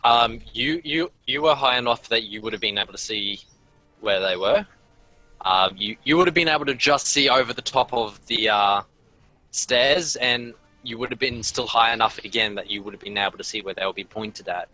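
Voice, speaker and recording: A man's voice: medium pitch, moderate pace, bright, forceful tone, soft background music, poor audio. A man running an online tabletop game as game master, explaining rules with many hesitant ums.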